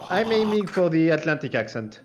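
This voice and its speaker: A man playing in a racing game, talking calmly and explaining things over voice chat. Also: on the high side, fairly quick, a little hiss or hum.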